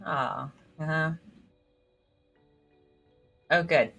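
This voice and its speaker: A woman doing a let's play, reading out the characters' lines and joking in a giggly, self-deprecating way. Her voice is bright and a little low, with faint game music behind her. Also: steady tone, extremely slow, vocal fry. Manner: giggly, self-deprecating, reads dialogue aloud. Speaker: gamer reading all the game's characters.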